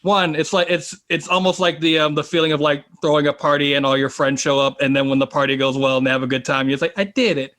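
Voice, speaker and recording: A man with a slightly high voice chats loosely on a podcast. He rambles, circling back with plenty of fillers and restarts as he explains running and playing tabletop games. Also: little pitch movement, fast, hardly any pauses, a bit bright. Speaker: guest, tabletop game player and game master. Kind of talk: casual podcast chat.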